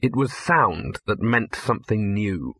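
A man's voice: on the low side, lively intonation, measured pace, sharp tone, breathy edge. A man reading a comic fantasy story aloud in a dry, wry storytelling manner. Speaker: audiobook narrator. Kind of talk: scripted narration.

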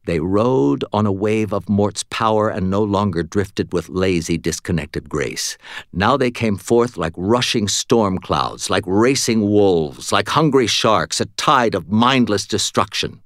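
Low-voiced male audiobook narrator. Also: a little slow, no room sound, studio quality. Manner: steady, even storytelling. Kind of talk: first-person scripted narration.

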